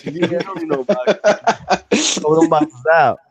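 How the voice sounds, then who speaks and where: A man on a casual collectors' panel, loud, profane and joking. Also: a little high, expressive, slow pace, crowd noise. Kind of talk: casual chat.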